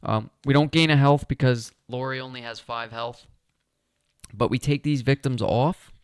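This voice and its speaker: A man plays a board game live and talks himself through each turn, counting spaces and checking in with viewers. His voice is smooth and resonant, and it sits close and dry on the mic with no room sound. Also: mid-range voice, fairly even intonation, normal speed, dry recording. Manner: thinking aloud, asking viewers, counting moves. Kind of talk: casual solo game playthrough.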